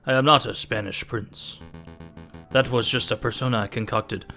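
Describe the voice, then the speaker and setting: A man's voice: mid-range voice, steady tone, moderate pace, sharp tone, soft background music. A man voicing a cunning male fox who poses as a prince, talking in a suave, theatrical way with a put-on Spanish accent. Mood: confiding.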